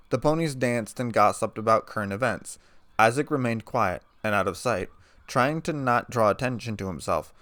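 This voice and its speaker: A man reading a fan story aloud as narrator, in a steady storytelling manner. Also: medium pitch, no room sound.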